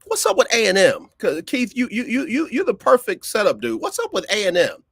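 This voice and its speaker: Animated man hosting sports talk. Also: a little fast, gravelly, breathy edge, no echo. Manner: animated, repeats phrases for emphasis, jumps in pitch when fired up. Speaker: sports talk show host. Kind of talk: casual live-stream sports talk.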